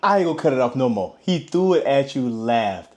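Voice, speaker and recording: A man hosting a live reaction, repeating key points with drawn-out pauses as he comments on a caller's story. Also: mid-range voice, very animated.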